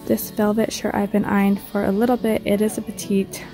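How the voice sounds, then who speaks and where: A young woman who vlogs about thrifting chats casually and cheerfully, though she sounds congested from a cold. Her mid-range voice keeps a level tone at a moderate pace, full of fillers, with music playing behind her.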